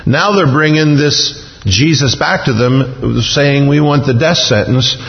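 A man's voice: a little slow, gravelly. Man preaching, acts out scripture voices, long hall reverb, muffled sound. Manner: acts out Bible voices with sudden pitch jumps. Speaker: pastor. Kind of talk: expository sermon.

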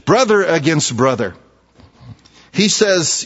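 Husky-voiced male preacher in a hall. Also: a little high, lively intonation, moderate pace. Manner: conversational preaching with rhetorical questions and repetitions. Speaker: pastor. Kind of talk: sermon. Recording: dull, echoey church hall recording.

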